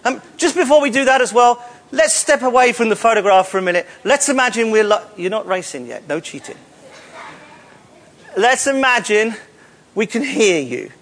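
A man's voice: extremely high pitch, animated, moderate pace, a bit bright. A man leading a live audience on a hall stage, coaxing volunteers with playful, teasing jokes. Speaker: presenter leading audience participation.

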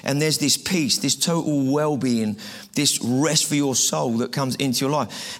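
A man's voice: medium pitch, a little slow. A man preaching a sermon to a live audience in a conversational way, repeating phrases and asking the room questions.

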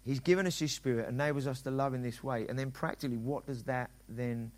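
A man's voice: mid-range voice, fairly even intonation, fast talker. A middle-aged man preaching a sermon as a pastor, talking conversationally and acting out dialogue in quoted voices.

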